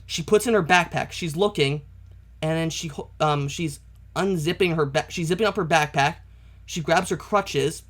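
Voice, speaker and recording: This is a man hosting a comic reaction video, his voice sitting a little high for a man. He narrates the panels step by step and often stops to correct himself. Now and then he breaks off to say how much he dislikes where the story is going. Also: moderate pace, fairly bright tone. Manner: openly dismayed commentary. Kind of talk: reading a comic aloud and reacting.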